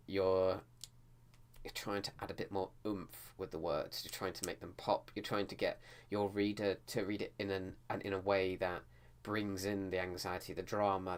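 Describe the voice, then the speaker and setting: Man, deep voice, casual writing vlog, loose and rambling with restarts. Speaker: writing vlogger. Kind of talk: casual talk to camera about editing.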